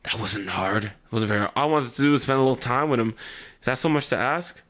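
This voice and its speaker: A man doing an obsessive soft-spoken girl. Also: mid-range voice, quick pace, pitched below the performer's own voice, close to an everyday voice. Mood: cold. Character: obsessive, intense, soft-spoken young woman. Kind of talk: reading game dialogue aloud. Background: game music.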